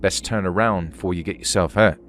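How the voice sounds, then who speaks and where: A man's voice: low voice, a little fast, fairly bright tone. A man voicing a tough young Australian man who warns off a stranger with a menacing edge, over faint background music. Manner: warning, menacing. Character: tough young male Australian spear-carrier, threatening.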